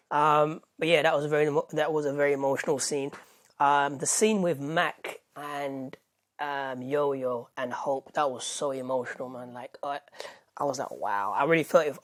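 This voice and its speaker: Excitable British man rambling through a review. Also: on the high side. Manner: enthusiastic, rambling, with many restarts. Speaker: TV show reviewer. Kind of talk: casual video review.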